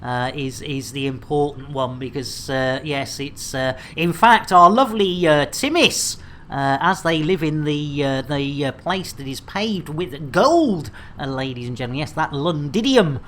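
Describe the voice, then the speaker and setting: A woman's voice: deep voice, expressive, measured pace, fairly bright tone, slight background noise. A woman in her thirties streaming a game, chatting in a rambling, jokey way and stumbling over words with many fillers. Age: 30s. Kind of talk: casual livestream chat.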